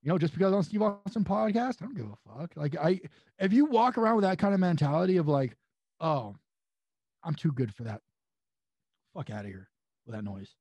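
A man's voice: high-pitched, sing-song, quick pace, darkish tone, no echo, lo-fi sound. A man from California on a podcast, telling rambling, profane anecdotes in a casual chat. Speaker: wrestling guest.

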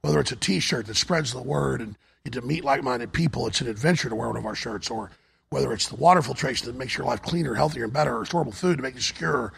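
A hoarse man hosting a talk show, urgently pitching products and asking for donations on air. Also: quick pace, fairly bright tone. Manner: urgent, repetitive sales pitch. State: hoarse, voice nearly gone.

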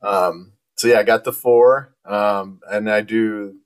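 Guy in his 40s, kinda low voice, chatty storyteller who laughs a lot. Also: slow pace, smooth. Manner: animated storyteller, laughs often. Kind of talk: casual chat.

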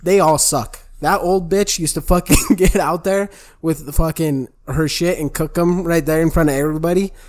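A man's voice: on the high side, fairly even intonation, moderate pace. A young man co-hosting a podcast, telling loose, profane stories and saying "bro" and "dude". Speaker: podcast co-host. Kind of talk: casual chat.

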